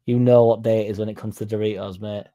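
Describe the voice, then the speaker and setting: Mellow-voiced man chatting casually. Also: fairly low pitch, level tone, fast, muffled recording. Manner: rambling, swears casually, reads viewer comments aloud. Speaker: fan channel host reading chat. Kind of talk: casual live-stream chat.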